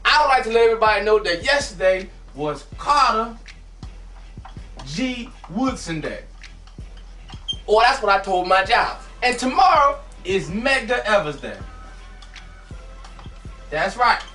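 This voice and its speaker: A man delivers a satirical comic monologue, animated and given to sudden shouted bursts. He sounds set back from the microphone in a reverberant space. Soft music plays underneath. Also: sits high, measured pace, pauses often. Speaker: comedian host. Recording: echoey, from a distance, faint music.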